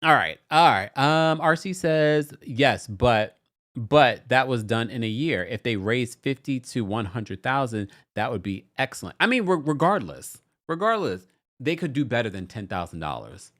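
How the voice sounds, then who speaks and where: A man's voice: mid-range voice, normal speed. A man hosting a live recap show, chatting casually and playfully while reading out viewer comments. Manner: animated, playful, reads viewer comments aloud. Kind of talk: casual livestream chat.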